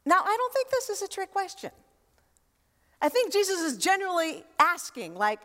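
A woman pastor preaching a sermon in a conversational, expressive way, with rhetorical questions and emphatic repetition. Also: extremely high pitch, normal speed. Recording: long reverb in a large hall.

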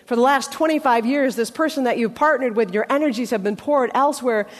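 High-voiced woman preaching a sermon. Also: big-room sound. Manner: conversational, with dramatic pauses.

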